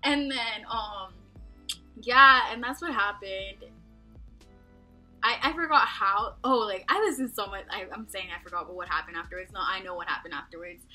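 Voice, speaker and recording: Giggly young woman rambling, bright voice. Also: mid-range voice, moderate pace, soft background music. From Texas. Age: young adult. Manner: rambling, constant "like", profane, giggly. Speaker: vlogger. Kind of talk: casual storytelling to camera. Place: small dorm room.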